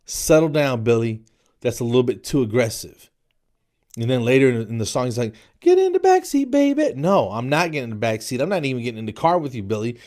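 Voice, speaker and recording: A man's voice: mid-range voice, fast talker, darkish tone. A man in his forties, from New Jersey, hosting a podcast in a jokey comedic monologue that he peppers with "man" and "dude". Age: 40s. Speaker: podcast host.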